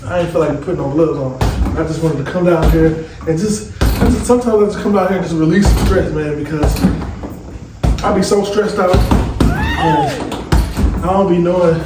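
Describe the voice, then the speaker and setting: Middle-aged dad vlogger, a bit high-pitched, loose rambling chat, echoey basement, noisy phone audio. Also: male voice, big pitch swings, normal speed. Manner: loose, rambling, chatty, addresses viewers directly. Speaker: family vlogger and father. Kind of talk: casual vlog chat to camera. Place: small dusty home basement. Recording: echoey basement with loud background noise.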